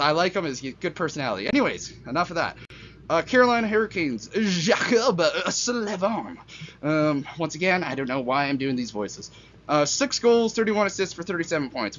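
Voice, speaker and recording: A man's voice: medium pitch, a bit bright, highs cut off, slight background noise. A young man rambling through casual hockey commentary at home, self-deprecating and jokey, with a fan humming behind him. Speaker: hockey vlogger. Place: hot room at home with a fan running.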